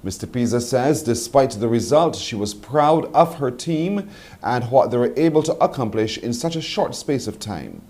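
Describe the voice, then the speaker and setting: A man's voice: medium pitch, very animated, normal speed, darkish tone. A man with a Barbadian accent reading the morning news as the anchor, in a polished broadcast delivery.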